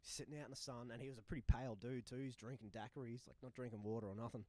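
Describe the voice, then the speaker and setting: A young man telling a tour story with swearing, acting out voices and shouting punchlines. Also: medium pitch, fairly even intonation, very fast, no room sound. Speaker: touring musician guest. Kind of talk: animated storytelling. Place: live recording in a bar.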